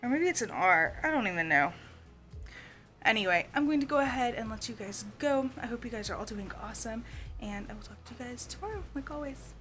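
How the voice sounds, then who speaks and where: Woman, young adult, casual vlog talk, hoarse from a cold, higher pitch. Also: lively intonation, brisk, fairly bright tone, faint music behind. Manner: chatty, rambling, lots of "like" and "y'all". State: losing her voice, coughing. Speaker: vlogger.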